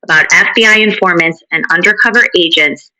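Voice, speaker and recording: A woman's voice: on the low side, a little fast, bright, forceful tone, poor audio. A woman speaking as a guest commentator, laying out her case in firm, detailed commentary. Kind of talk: political commentary.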